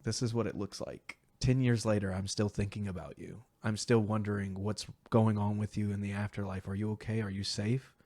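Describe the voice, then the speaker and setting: A young man with a low-pitched voice recounts a painful memory as an interview guest, earnest and halting, slipping into the voices of the people he quotes. The sound is dry and close. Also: darkish tone, no echo. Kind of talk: emotional personal storytelling.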